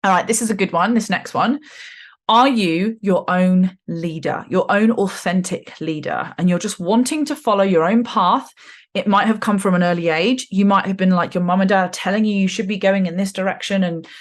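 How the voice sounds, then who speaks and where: A woman in her forties hosting a podcast, talking in a chatty, animated way with slangy asides. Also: mid-range voice, normal speed. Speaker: podcast host. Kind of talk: casual spiritual podcast monologue.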